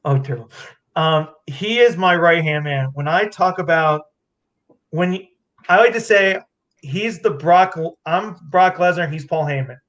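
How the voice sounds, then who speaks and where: A man giving an emotional award acceptance talk, near tears, halting and restarting as he thanks his coach. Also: a little high, a bit bright. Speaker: award winner, fighter.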